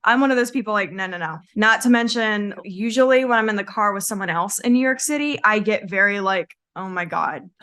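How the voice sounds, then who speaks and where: A woman on a casual podcast, talking through her stories with quick asides and laughs. Her voice is bright and clear. She keeps a relaxed, chatty flow. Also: on the high side. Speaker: podcast co-host. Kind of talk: casual chat.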